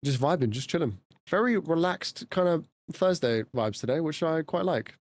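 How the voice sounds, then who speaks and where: Male streamer, lively pitch swings, casual chatter. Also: moderate pace. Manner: chatty, laughing, swings between low mutters and high exclamations. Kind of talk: casual live-stream chat.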